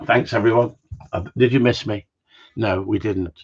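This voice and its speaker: A teasing man chats away on a casual live stream, rambling from one joke to the next. His voice is slightly husky, and the sound is dull and lo-fi. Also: on the low side, fairly even intonation, normal speed. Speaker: host of a live gundog Q&A stream. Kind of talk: casual banter with live viewers. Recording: dull lo-fi livestream audio.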